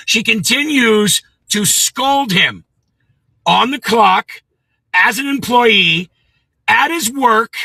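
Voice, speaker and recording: A man's voice: high-pitched, animated, takes it slowly, vocal fry, sharp tone, slightly rough, no room sound, low-quality recording. A middle-aged man from the American Midwest hosting a livestream, telling a story in a blunt, profane rant and greeting viewers by name. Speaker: livestream host. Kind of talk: ranting livestream monologue.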